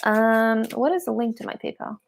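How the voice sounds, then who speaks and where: A woman's voice: a little high, moderate pace, vocal fry. A woman giving a live-streamed tarot and oracle card reading, chatty and giggly, with a lot of "like" fillers.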